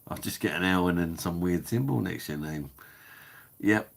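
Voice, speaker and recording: A man's voice: low-pitched, moderate pace, vocal fry. A man from London with a Cockney-Kentish accent, hosting a live stream and bantering with the chat in a laid-back, sweary, chuckling way. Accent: Cockney-Kentish English. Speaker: livestream host reading chat.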